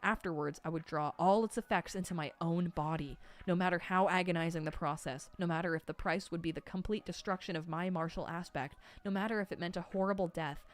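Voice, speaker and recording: A woman reading the lines of a stern, devoted young male cultivation master, earnest and emphatic, in a lowish voice over faint music. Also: darkish tone, natural voice.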